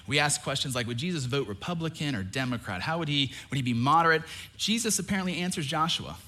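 A young man preaching with a bright, forceful voice that sits a little high for a man. He tells the story with energy, dropping into voices for its figures and making playful asides. It sounds like a church sermon. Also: quick pace. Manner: animated, acts out quoted voices, jokes with the crowd. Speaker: pastor.

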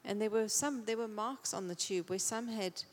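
A woman of mid pitch speaks earnestly to a church congregation, recounting a picture she was given. Her voice carries a long echo from the hall. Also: moderate pace. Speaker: congregation member sharing a vision. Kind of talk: testimony.

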